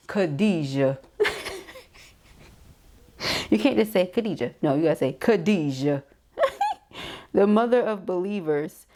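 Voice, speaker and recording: Gravelly, low-voiced woman reading tarot. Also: a little mellow. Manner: reads card affirmations aloud, chatty asides to viewers. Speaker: tarot reader.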